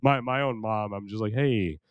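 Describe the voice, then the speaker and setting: A little fast and low-pitched, the young American's voice comes through dull audio with no room sound. He's hosting a solo podcast in a rambling, crude, self-mocking way, often restarting, and sounds strained and worn from recording.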